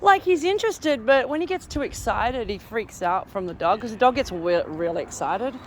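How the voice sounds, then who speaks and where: Coaxing woman, lively high voice. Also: moderate pace. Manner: coaxing and affectionate, laughs often. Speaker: vlogger walking her cat on a leash. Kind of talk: casual talk to her pet. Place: outdoors on a suburban street. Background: faint street and traffic noise.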